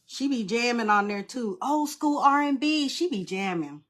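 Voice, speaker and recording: A woman's voice: fairly high pitch, animated, normal speed. A woman hosting a live craft stream, chatting casually with viewers and greeting them by name. She talks in an informal, nervous-but-friendly way. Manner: informal, uses "y'all" and "girl". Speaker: craft livestream host.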